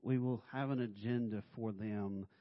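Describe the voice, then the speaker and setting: Low-voiced male preacher, lo-fi. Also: steady tone, normal speed. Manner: conversational preaching with humorous asides and acted-out quotes. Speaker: pastor. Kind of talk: sermon. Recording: dull lo-fi recording.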